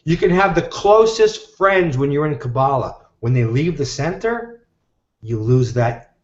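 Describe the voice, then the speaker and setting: A man telling a story in an animated way and acting out the voices of the people he quotes, heard over a live video call. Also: fairly high pitch, unhurried. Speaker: guest teacher. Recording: echoey, dull video-call audio.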